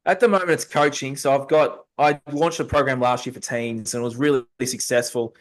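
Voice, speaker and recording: Man, youth coach, animated storyteller, mid-pitched, video call. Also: a little fast. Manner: animated storyteller, acts out dialogue. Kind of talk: casual conversational storytelling.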